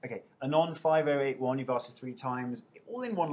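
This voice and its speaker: A man's voice: mid-range voice, fairly quick, hardly any pauses, slight background noise. A young man with an English accent, casually answering viewers' questions over a webcam, chatty and poking fun at himself. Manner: chatty, self-mocking, playful.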